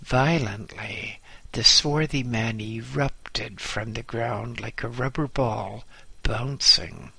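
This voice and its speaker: A man narrating a first-person memoir audiobook in a measured, deliberate storytelling manner. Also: medium pitch, vocal fry, bright, forceful tone, husky, dry recording, rough recording.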